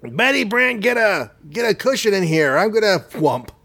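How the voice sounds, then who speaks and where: Dude doing a loud high barking cartoon newspaper boss, bossy and gruff. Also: male voice, sing-song, moderate pace, exaggerated voice. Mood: blustering. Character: blustering, shouting middle-aged newspaper boss, man.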